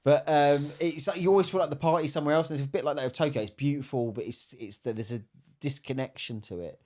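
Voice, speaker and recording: A man's voice: on the high side, fast, a little mellow. A man talking in a casual podcast chat, telling travel stories in a reflective way. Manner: reflective, storytelling.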